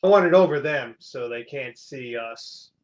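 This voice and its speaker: A man's voice: mid-range voice, expressive, a little slow. A man playing a tabletop game, casually declaring his moves and spells. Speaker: player.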